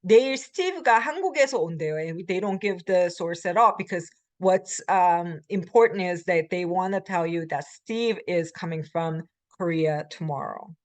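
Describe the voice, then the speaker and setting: A woman with an American English accent giving a recorded grammar lecture as a language instructor. She reads short example sentences quickly, then explains them slowly with many fillers. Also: fairly low pitch, fairly even intonation, a little mellow, no echo.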